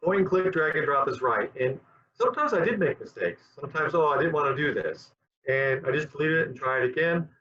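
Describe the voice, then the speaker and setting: Husky man chatting in an interview. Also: a little high, lively intonation, a little fast. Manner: rambling, repeats words. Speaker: guest, QA director. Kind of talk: conversational interview. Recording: dull lo-fi sound.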